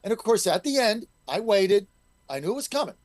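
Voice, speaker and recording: A man's voice: high-pitched, big pitch swings, a little fast, no room sound. A middle-aged man, a state legislator guest on a talk radio show, speaking in an emphatic, combative way. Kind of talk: call-in talk radio interview.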